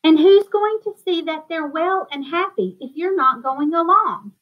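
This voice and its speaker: A woman reading aloud and voicing a gruff, bossy male ship admiral who roars his orders in a storybook reading, on a dull, lo-fi recording. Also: expressive, measured pace. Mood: hearty insistence. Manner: booming, insistent. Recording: dull lo-fi sound.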